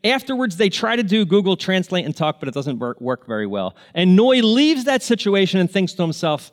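A man's voice: sits high, sing-song, brisk, hardly any pauses. A man preaching a sermon, telling stories in an earnest, emotional way. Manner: earnest, emotional, tearful at moments. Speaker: pastor. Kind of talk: sermon storytelling.

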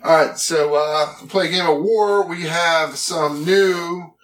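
A man's voice: on the high side, steady tone, slow pace, fairly bright tone, far from the mic, a little hiss or hum, low-quality recording. A man co-hosting a podcast in casual chat, rambling and often trailing off mid-thought. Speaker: podcast co-host.

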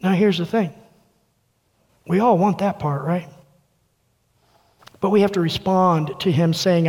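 Casting note: earnest preacher, male, bright high voice, room reverb trailing each phrase. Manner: earnest preaching, dropping soft for quoted words. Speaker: pastor. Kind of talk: sermon. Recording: long reverb of a large room.

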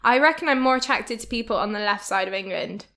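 A woman's voice: medium pitch, expressive, fast, pushed and bright. A woman guest in a casual podcast chat who laughs often.

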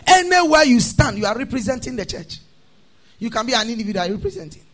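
A man preaching a sermon, chanting his lines in a sing-song cadence, calling the congregation to repeat after him, then dropping into a quieter teaching tone. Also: very high-pitched, very animated, quick pace. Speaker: pastor.

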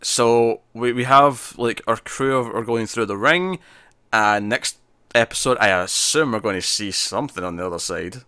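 A man co-hosting a podcast, chatting casually and excitedly as he recaps a TV episode. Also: mid-range voice, moderate pace, clean tone, no room sound, studio quality. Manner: excitable, animated retelling of scenes. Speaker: podcast co-host.

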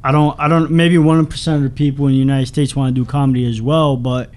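A man, a comedian and former Marine, answering interview questions in a measured, thoughtful way. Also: mid-range voice, little pitch movement, darkish tone. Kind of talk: casual interview chat.

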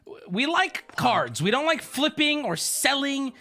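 A man's voice: very high voice, very animated, measured pace, bright, forceful tone. A man livestreaming, telling a story as a profane, sarcastic rant. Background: faint background music.

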